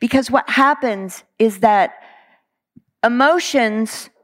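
A woman's voice: fairly high pitch, slow. A middle-aged woman delivers a sermon. Her talk is earnest and conversational, loose with fillers as she speaks to the congregation. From Texas. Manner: earnest and conversational, with many "you know" fillers. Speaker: preacher.

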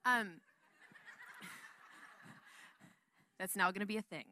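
A woman's voice: medium pitch, extremely slow, bright, forceful tone. A woman giving a casual Bible teaching in a chatty, rambling way, laughing often.

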